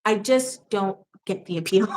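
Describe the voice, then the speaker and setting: A woman's voice: medium pitch, unhurried, darkish tone. A young woman hosting a casual livestream, chatting with a guest, reading viewer questions and laughing often. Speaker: livestream host.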